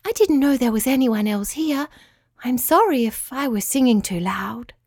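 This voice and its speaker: A woman voicing a gentle, wistful little female spider in a sweet, eager, high voice. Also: animated, moderate pace, no room sound, clean studio sound. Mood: shy, polite.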